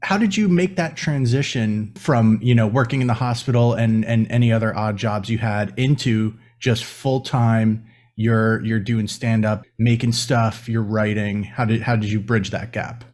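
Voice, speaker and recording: Halting male podcast host. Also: fairly low pitch, steady tone, a little mellow. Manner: halting, repeats words as he starts sentences. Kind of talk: casual interview chat.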